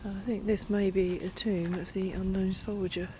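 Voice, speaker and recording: A woman walks through cemetery grounds outdoors, narrating a travel vlog to her viewers. Her talk is reflective and soft-spoken, and now and then it sinks to a near-whisper. Steady open-air noise sits clearly behind her voice. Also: medium pitch, normal speed. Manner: reflective, soft-spoken, often drops to a hush. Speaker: travel vlogger.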